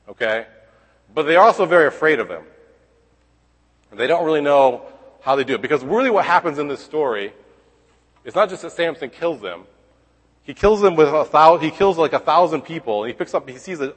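A man's voice: mid-range voice, fairly bright tone. Man teaching a Bible lesson in a hall. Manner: conversational, checks in with listeners with frequent "okay?"; wry asides while retelling and reading scripture aloud.

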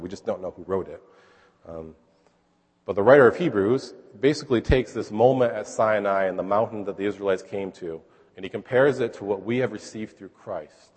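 Male pastor, sermon, conversational teaching, husky voice, long hall reverb. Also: lowish voice, darkish tone. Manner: conversational, explaining scripture with verbal checks.

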